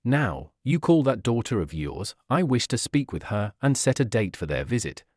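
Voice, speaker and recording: A man reading a story aloud, voicing a warm, motherly wife who speaks firmly but kindly. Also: mid-range voice, big pitch swings, normal speed, dry recording, clean studio sound. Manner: warm, coaxing, firm. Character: warm motherly wife, young adult woman.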